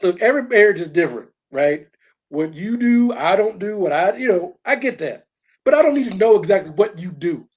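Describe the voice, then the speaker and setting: A man's voice: high voice, lively intonation, a little fast, a little mellow, breathy edge. A man co-hosting a casual podcast chat, talking things through in a conversational way and posing rhetorical questions. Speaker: podcast co-host. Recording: dull lo-fi audio.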